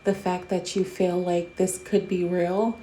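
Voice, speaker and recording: A woman's voice: fairly low pitch, little pitch movement, a little slow, warm tone, slight background noise. A woman hosting casual commentary, bluntly roasting someone with a lot of profanity. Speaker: commentary host.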